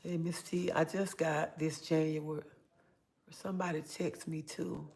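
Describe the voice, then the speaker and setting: Speaking at a measured pace, a middle-aged grandmother runs a casual livestream, her low voice creaky, a little mellow, and fairly flat in pitch. She addresses viewers emphatically, tends to say things twice, and calls them "honey."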